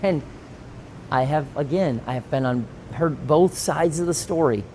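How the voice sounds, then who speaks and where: A man in his forties, a pastor teaching a conference session, telling stories with lively acted-out quotes and frequent laughter. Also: a little high, measured pace, a little hiss or hum. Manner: animated storytelling, acts out quoted voices, laughs often.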